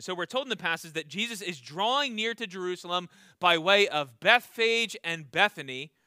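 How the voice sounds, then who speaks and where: High bright-voiced man preaching. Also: no room sound, studio quality. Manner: earnest, repeats words when starting a thought; asks the congregation questions. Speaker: pastor. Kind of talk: sermon.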